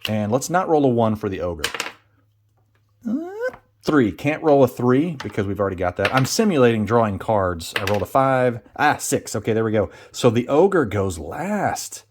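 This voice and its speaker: A man's voice: medium pitch, big pitch swings, normal speed, background noise. A man narrating a solo tabletop game, chatting and thinking aloud as he rolls dice and laughs at bad results.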